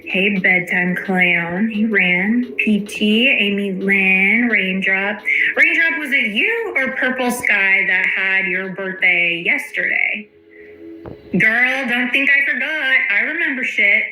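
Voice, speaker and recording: A woman's voice: medium pitch, animated, slow pace, bright, forceful tone. A woman hosting a casual livestream, greeting viewers by name and swearing freely. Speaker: livestream host. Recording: echoey room with faint music.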